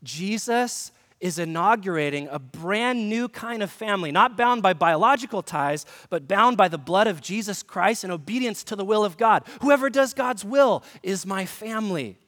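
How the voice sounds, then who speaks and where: A man's voice: high-pitched, animated, moderate pace, few pauses, a bit bright, big-room sound. A man, a pastor, giving a conversational sermon with humor and direct questions to the congregation. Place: church sanctuary.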